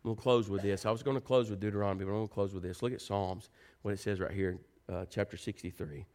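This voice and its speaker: A man preaching a sermon. He moves between quiet, earnest pleading and animated storytelling. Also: fast. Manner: animated, rising to high excited pitch when telling stories.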